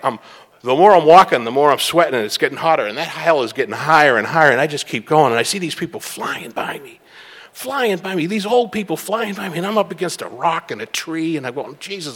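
A man's voice: fairly high pitch, fairly bright tone, long reverb tail. A middle-aged man from the Boston area giving a rambling, self-mocking personal talk at a recovery meeting.

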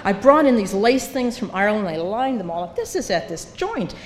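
A woman's voice: medium pitch, big pitch swings, brisk. Older woman telling her story in an echoey hall. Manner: storytelling, acts out voices, self-mocking humor. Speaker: speaker sharing recovery story. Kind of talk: recovery meeting talk. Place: meeting hall. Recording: reverberant hall, faint background noise.

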